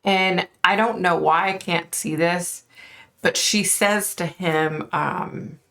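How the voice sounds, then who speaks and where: A woman's voice: fairly low pitch, steady tone, takes it slowly, sharp tone. A woman vlogger recounting a psychic vision in a loose, rambling way, full of fillers. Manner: rambling, many fillers, points at an imagined map. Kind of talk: casual storytelling to camera.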